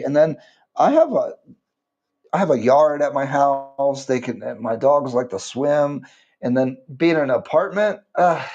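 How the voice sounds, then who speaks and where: Mellow-voiced man chatting on a livestream. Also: medium pitch, gravelly, highs cut off. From United States. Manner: rambling, halting restarts. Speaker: livestream vlogger. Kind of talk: casual livestream chat.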